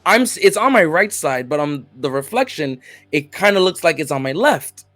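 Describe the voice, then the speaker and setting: A man's voice: a little high, very animated, moderate pace, fairly bright tone, dry recording, soft background music. A man co-hosting a podcast, telling a story in a rambling, laughing way, often restarting his sentences. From grew up in Florida. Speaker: podcast co-host. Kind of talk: casual storytelling chat.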